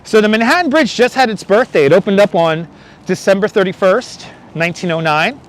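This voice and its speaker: Brisk and high-pitched, this man walks a windy city bridge during a casual live stream, joking and reading out comments from viewers on a wireless lapel mic. City traffic and subway trains rumble by in the background.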